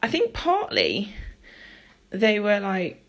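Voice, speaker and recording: Gravelly-voiced woman telling a story. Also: medium pitch, slow. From near Liverpool, England. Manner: rambling, animated, acts out dialogue. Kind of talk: casual personal storytelling.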